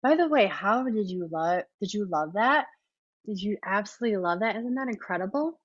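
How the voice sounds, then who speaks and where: Slightly hoarse, chatty woman workshop leader. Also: mid-range voice, animated, moderate pace, dry recording, highs cut off. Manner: chatty and enthusiastic, with many fillers. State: slightly hoarse, losing her voice. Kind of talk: teaching a live online workshop.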